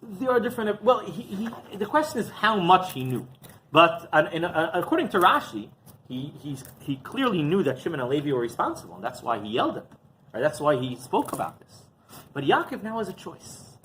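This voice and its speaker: A man giving a rabbi's sermon, animated, constantly checking in with "right?" and restarting words. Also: high-pitched, a little hiss or hum, low-quality recording. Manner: keeps asking "right?", animated delivery.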